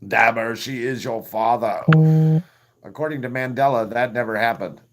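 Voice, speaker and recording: A man's voice: medium pitch, steady tone, normal speed, fairly bright tone, faint music behind. Crude, self-mocking male comic. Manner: crude, self-mocking, laughs at his own jokes. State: coughing fits. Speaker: live-stream entertainer.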